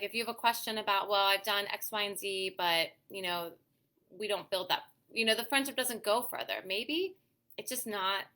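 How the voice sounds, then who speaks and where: A woman chats on a casual livestream for other moms. She is friendly and encouraging, often checking in with "okay?" and "you know". Her voice has a bright, forward tone at an ordinary pitch. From Pittsburgh area, USA. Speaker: host of a mom community livestream. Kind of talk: casual livestream chat reading viewer comments.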